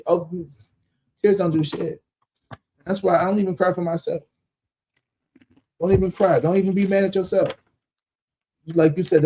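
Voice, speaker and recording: A man's voice: a little high, mellow, poor audio. A man hosting a live tarot-reading stream, chatting bluntly and emphatically with frequent swearing.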